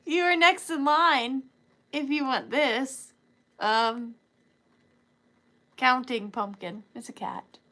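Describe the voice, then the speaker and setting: Slow, bright-voiced woman chatting live. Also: a little high, gravelly. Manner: chatty and giggly, jokey asides. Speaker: online antiques seller hosting a live sale. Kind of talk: casual live-stream chat with viewers.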